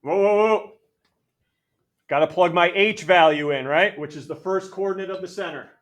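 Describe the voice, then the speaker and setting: Upbeat guy teaching a math class, kinda high voice, jokes around with the kids. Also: a little fast. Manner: energetic, jokey, calls on students by name. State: out of breath. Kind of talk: classroom lecture.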